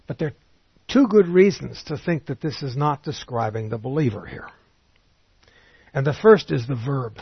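Husky-voiced man teaching scripture. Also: mid-range voice, lively intonation, dry recording, dull audio. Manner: measured, explanatory, reads scripture aloud. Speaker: Bible teacher. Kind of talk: expository Bible teaching.

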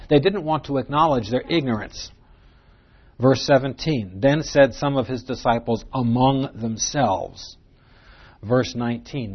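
An earnest man gives an expository Bible lesson, leaning on key words and putting rhetorical questions to his audience. His voice sits at an ordinary middle pitch. The recording is dull and lo-fi, with the top end rolled off. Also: breathy edge. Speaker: Bible teacher.

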